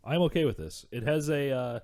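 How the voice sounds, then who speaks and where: A man co-hosting a casual podcast, griping about a movie and tasting beer, animated and laughing often. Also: medium pitch, brisk. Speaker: podcast co-host.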